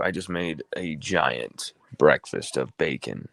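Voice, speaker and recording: A man's voice: a bass voice, animated, slow pace, creaky, fairly bright tone, no echo. A man hosting a casual sports talk livestream, rambling and conversational, often correcting himself mid-sentence. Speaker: sports talk show host.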